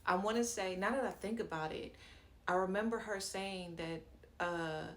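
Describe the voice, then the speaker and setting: A woman's voice: medium pitch, moderate pace, a bit bright. A woman telling a personal story to her viewers in a chatty, slangy way, stopping for fillers and asides and acting out what people said. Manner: chatty and slangy, acts out quoted dialogue. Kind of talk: casual storytime narration.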